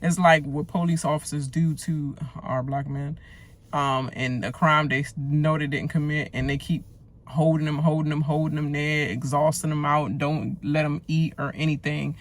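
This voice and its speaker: A woman's voice: low-pitched, fairly even intonation, moderate pace. A woman giving a casual, outspoken reaction rant about a reality show, talking loosely with slang and lots of fillers. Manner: blunt, outspoken, heated ranting.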